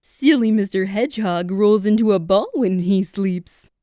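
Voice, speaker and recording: A woman's voice: medium pitch, measured pace, dark tone, no echo, studio quality, natural voice. A woman voicing a cheerful male horse who is mayor and hosts a costume contest in a children's storybook. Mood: announcing. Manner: announcing, cheerful.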